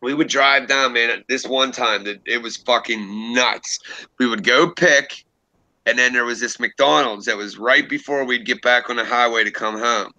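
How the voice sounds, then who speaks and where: A young man hosting a casual livestream, telling a rambling story full of swearing and laughter. His voice is very bright and forward, and it sounds dry and close, with almost no room around it. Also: mid-range voice, normal speed, no echo, poor audio. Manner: animated, profane storytelling with laughs. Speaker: livestream host.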